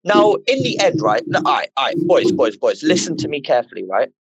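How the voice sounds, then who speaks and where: A man co-hosting a casual film podcast with friends, ranting in slang in an animated way. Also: medium pitch, brisk, muffled recording, a little hiss or hum. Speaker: podcast co-host.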